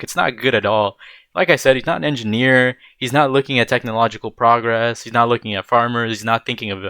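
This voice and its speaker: A man's voice: mid-range voice, fairly bright tone, no echo. A young man giving casual, blunt commentary while reacting to a video, rambling and dropping bro and dude.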